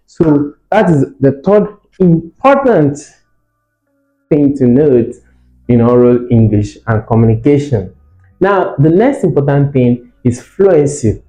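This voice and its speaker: Animated male tutor in an echoey room. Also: fairly high pitch, highs cut off. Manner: lively teacher, demonstrates stress and rising tones, asks students questions. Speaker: English tutor. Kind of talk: exam-prep lesson.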